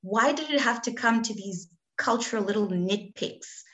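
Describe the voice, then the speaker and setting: A woman's voice: medium pitch, expressive, normal speed, a bit bright. A woman from Zimbabwe, a guest telling her personal story in an earnest, emphatic way, often acting out what others said to her. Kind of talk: candid conversational storytelling.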